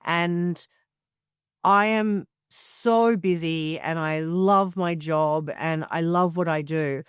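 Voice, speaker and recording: Frank woman, crisp voice. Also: lowish voice, slow, dry recording, studio quality. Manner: animated, frank storyteller who swears freely. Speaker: author and TV commentator guest. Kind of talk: candid podcast interview.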